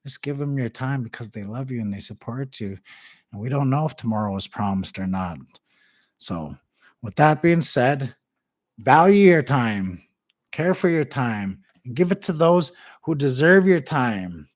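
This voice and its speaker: A man vlogging, telling a story and giving motivational advice in a casual, animated way. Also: medium pitch, unhurried. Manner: animated, conversational, preachy.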